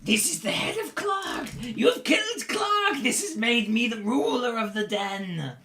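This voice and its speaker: A man voicing a gleeful, scheming male goblin who shouts and gloats. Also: extremely high pitch, animated, measured pace, distant mic, pitched above the performer's own voice, heavily acted. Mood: gloating.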